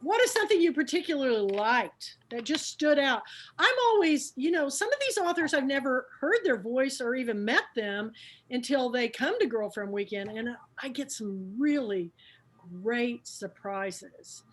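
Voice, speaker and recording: A woman's voice: sits high, lively intonation, moderate pace. Enthusiastic woman hosting a book club. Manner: enthusiastic, rambling with fillers. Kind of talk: casual video-call chat.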